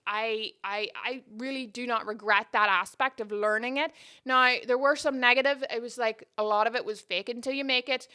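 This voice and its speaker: A woman's voice: a little high, sharp tone, clear, resonant tone. A woman from Northern Ireland with a mostly Canadian accent and traces of Northern Irish, hosting a casual podcast monologue close to the mic, candid and reflective with frequent restarts. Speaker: podcast host. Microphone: close microphone.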